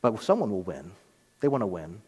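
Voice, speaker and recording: A man's voice: lowish voice, big pitch swings, brisk, breathy edge. Man preaching in a reverberant church. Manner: preaching with rising emphatic swells and quiet drops. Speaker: pastor. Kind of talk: sermon. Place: church sanctuary.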